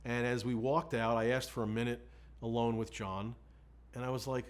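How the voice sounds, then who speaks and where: A middle-aged man recalling his days as a defense lawyer, in a candid, lively storytelling voice. His voice sits at an ordinary middle pitch. He talks frankly and keeps getting swept up in the telling, laughing as he goes. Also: normal speed, smooth. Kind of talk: candid recollection in an interview.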